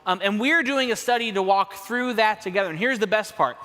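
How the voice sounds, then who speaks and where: A man's voice: high voice, a little fast, sharp tone, long reverb tail. A young man making upbeat church announcements to his youth group, enthusiastic and repeating words for emphasis.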